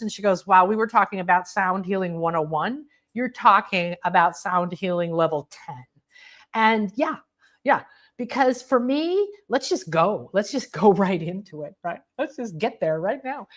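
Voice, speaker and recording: Bubbly woman teaching a spiritual class. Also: medium pitch. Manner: bubbly, rambling, exclaims often. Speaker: spiritual teacher and sound healer. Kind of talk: live online class, rambling casual teaching.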